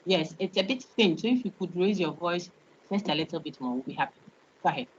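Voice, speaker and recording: She's a university lecturer with a Ghanaian accent, addressing a big online class in a voice on the low side, expressive and fast. Words get repeated and "okay?" checks punctuate her explanations, over dull lo-fi call audio with slight background noise.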